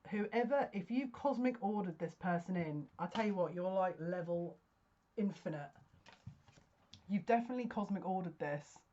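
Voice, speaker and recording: A woman giving a casual tarot card reading, excitable and often gasping and breathless. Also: fairly low pitch, moderate pace, lo-fi sound.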